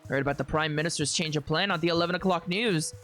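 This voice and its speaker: A streamer putting on a sly, low-voiced male gunman. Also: fast talker, bright, forceful tone, soft background music. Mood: calm, sly. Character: calm, sly male smuggler with a pistol.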